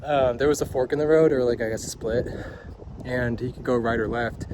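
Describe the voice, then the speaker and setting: A young man hiking and talking to his camera outdoors, excited and slangy, laughing often and out of breath. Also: mid-range voice, fairly quick. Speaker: hiking vlogger. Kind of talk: outdoor vlog commentary. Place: outdoors on a hiking trail by a waterfall. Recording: noisy outdoor recording.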